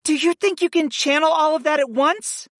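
A man's voice: extremely high pitch, moderate pace, a bit bright, dry recording, clean studio sound, pitched above the performer's own voice. A man voicing an earnest, concerned angelic goddess in an audiobook, speaking in an anxious, questioning way. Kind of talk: audiobook character voice.

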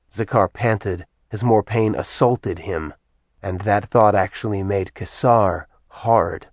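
A man reading a novel aloud in measured, even scripted narration. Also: fairly low pitch, dry recording. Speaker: audiobook narrator.

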